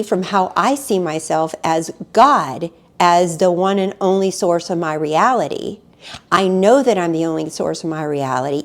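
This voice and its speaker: A woman coach delivers a motivational monologue close to the mic. Her voice sits at a middle pitch and climbs into emphatic, animated bursts. Now and then she acts out panicked inner voices. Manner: animated, rising to emphatic outbursts. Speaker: spiritual life coach.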